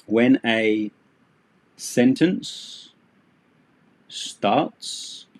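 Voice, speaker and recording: A man's voice: medium pitch, very slow. A man teaching English on a live stream, chatty and rambling, with self-deprecating asides.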